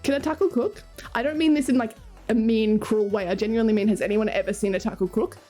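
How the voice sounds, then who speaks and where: A young Australian woman chats casually with her stream viewers, reading chat aloud and laughing often. Her voice is fairly high, steady, fast and mellow, with faint music behind her.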